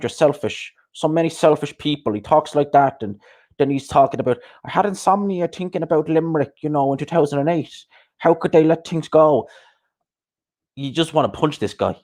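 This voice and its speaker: A young man hosting a boxing talk show, ranting bluntly and heatedly, swearing and repeating himself. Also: on the low side. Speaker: boxing podcast host. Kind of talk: casual ranting commentary.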